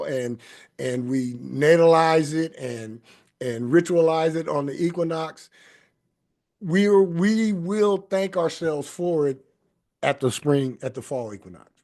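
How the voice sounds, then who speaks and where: Host: man, fairly high voice, emphatic and repetitive, spiritual talk show. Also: measured pace. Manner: repetitive, emphatic, sing-song affirmations. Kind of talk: spiritual talk show, casual group chat.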